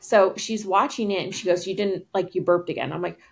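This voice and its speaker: A woman co-host tells a story in casual podcast chat, her voice sitting a little low. She acts out both sides of the exchange and scatters "like" through her sentences. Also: brisk, vocal fry. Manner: frequent "like" fillers.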